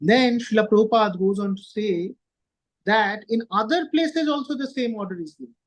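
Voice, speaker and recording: Male speaker with a high pitch, leading a devotional class; emphatic and repetitive, asks rhetorical questions. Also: normal speed, rough recording. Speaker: lecturer on scripture.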